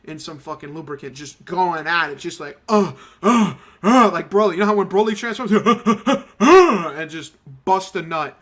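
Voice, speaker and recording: Rambling profane young gaming commentator. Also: male voice, fairly high pitch, moderate pace, hardly any pauses, fairly bright tone. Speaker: gaming channel host. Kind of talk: casual let's-play commentary.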